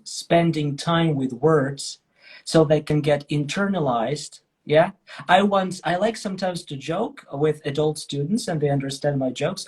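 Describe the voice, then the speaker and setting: A man's voice: on the high side, breathy edge. A man hosting a language-teaching chat, enthusiastic and jokey, often asking "right?". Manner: enthusiastic, jokey, frequent "right?" and "you know". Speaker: host. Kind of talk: podcast interview chat.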